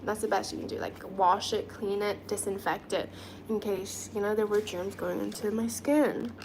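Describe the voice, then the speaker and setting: A woman's voice: medium pitch, steady tone, moderate pace, noisy background. A young woman from China on a casual livestream, reading viewer comments aloud and answering them in a chatty way.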